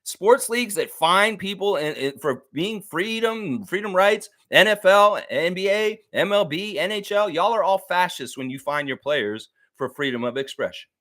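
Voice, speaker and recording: A male sports streamer on a heated, profane rant, hammering points home by saying them twice. His voice sits high and swings widely as he gets worked up, lively and restless from line to line. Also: moderate pace, few pauses. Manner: repeats lines for emphasis. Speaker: sports show host. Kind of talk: live-stream sports commentary.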